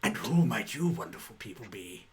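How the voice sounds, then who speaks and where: A man's voice: on the low side, sing-song, normal speed, crowd noise, pitched below the performer's own voice. A man voicing a pompous male walrus noble with a grandiose, theatrical way of speaking. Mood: delighted.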